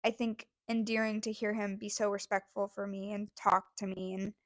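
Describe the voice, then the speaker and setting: This podcast co-host, a young woman, shares a story at normal speed in a medium-pitched, level voice, her casual delivery packed with fillers and gushing. She sounds near tears, and the audio has no echo.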